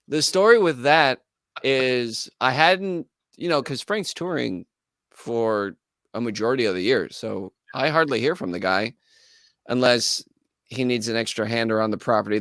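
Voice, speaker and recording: A man with a smooth, resonant voice tells a story in a relaxed, animated way, jumping into the voices of the people he describes. The sound is dry and close, from a podcast studio. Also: medium pitch, moderate pace, dry recording. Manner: animated, acts out quoted voices. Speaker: guest musician. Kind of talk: casual storytelling.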